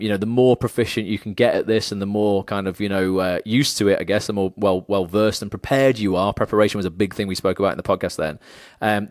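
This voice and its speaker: A man's voice: lowish voice, no room sound, studio quality. A young man hosting a casual behind-the-scenes chat, talking loosely with many fillers. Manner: chatty, lots of fillers. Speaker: host.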